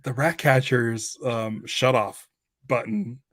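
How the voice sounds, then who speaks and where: A man co-hosting a casual podcast, mid-pitched and halting. He often restarts mid-phrase. The recording is dry, with no room sound. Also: a bit bright, no room sound. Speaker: podcast co-host.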